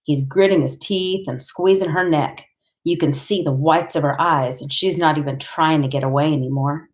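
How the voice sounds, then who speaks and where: A woman reading a novel aloud in the first person with a steady, intense storytelling manner. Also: low voice, normal speed. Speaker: audiobook reader.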